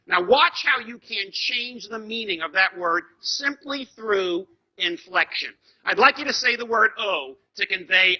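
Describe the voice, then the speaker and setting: A man lectures a live seminar audience as a corporate trainer, tossing rhetorical questions at the room. His voice sits high with a piercingly bright, forceful edge. The recording is dull and lo-fi.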